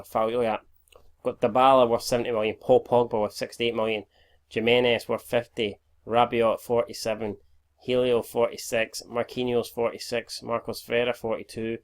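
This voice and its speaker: A man's voice: mid-range voice, flat delivery, moderate pace. A man in his twenties talking over his own gameplay at a home desk mic, sweary and easygoing. He sounds tired from recording at five in the morning, and he trips over words as he goes. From Scotland. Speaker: gaming YouTuber. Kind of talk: casual gameplay commentary.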